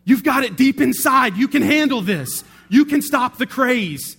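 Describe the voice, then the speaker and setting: A man voicing an irate, pushy woman shopper who turns fervent and insistent, in a raised, shrill voice. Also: expressive, a little slow, fairly bright tone, breathy edge, heavily acted.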